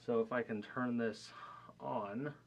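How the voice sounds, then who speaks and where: A man's voice: mid-range voice, fairly even intonation, takes it slowly, dull audio, slight background noise. A young man teaching a math class in a casual, conversational way, often checking in with "right?" and "okay?" between points. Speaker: math instructor. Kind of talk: recorded classroom lecture.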